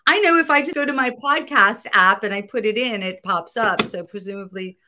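A woman comic book writer, a guest in a casual interview, talking in an animated way, laughing often and searching for her words. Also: medium pitch, fairly quick, noisy background.

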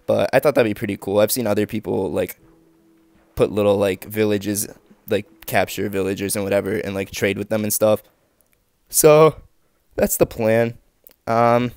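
A young man with a lowish voice talks loosely over his gameplay, full of ums and likes as he explains his plans. The sound is close and dry, with no room around it. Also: darkish tone, clean tone, no room sound. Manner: rambling, filler-heavy, with many likes and ums. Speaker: gaming video creator.

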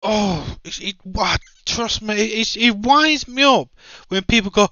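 A man's voice: high-pitched, a little slow, pushed and bright, dry recording, lo-fi sound. A man hosting a podcast, ranting in exasperated, repeated questions. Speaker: podcast host. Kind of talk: casual opinion chat.

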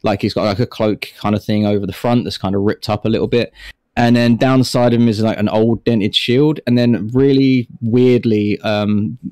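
A man's voice: lowish voice, steady tone, normal speed, mellow, dry recording, clean studio sound. A young man who plays in a tabletop game and describes his character in a rambling way, full of ums and likes. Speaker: player.

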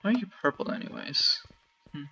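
A man's voice: fairly quick, sharp tone, highs cut off. A man casually commenting while playing a video game, chatting wryly and talking to the animals on screen. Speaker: let's play gamer.

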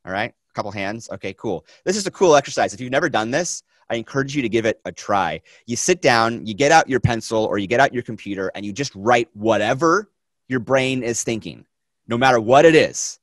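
A man teaching a film class, talking in a lively, conversational way and asking the students questions. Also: mid-range voice, a little fast, no echo. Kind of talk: classroom lecture.

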